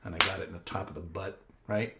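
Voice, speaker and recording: Laughing and animated, a fifties-aged former teacher and coach acts out scenes while telling a casual podcast story. His low voice moves at a quick pace, in an echoey room with very noisy audio.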